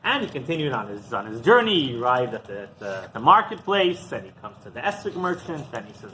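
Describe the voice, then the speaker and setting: A man's voice: mid-range voice, fairly quick, few pauses, slight background noise, poor audio. A man who is a rabbi telling a story in a sermon, acting out the dialogue. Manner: animated storyteller, acts out dialogue.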